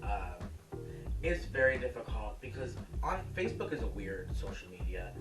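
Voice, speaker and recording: Loud, profane home cooking host. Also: medium pitch, big pitch swings, normal speed. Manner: loud projected voice, profane, chatty. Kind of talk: casual cooking show chat. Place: home kitchen. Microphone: camera's built-in mic. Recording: echoey room, distant camera mic, music.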